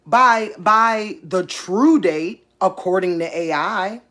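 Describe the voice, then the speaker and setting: A woman, hosting a casual faith channel, talking excitedly and thinking aloud, repeating herself as she works things out. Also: medium pitch, slow. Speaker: online faith channel host. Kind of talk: casual livestream talk.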